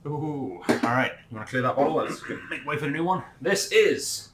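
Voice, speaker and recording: A man hosting a casual whisky tasting chat, relaxed and rambling with plenty of fillers. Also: a little high, normal speed, hardly any pauses, heavy background noise. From Canada.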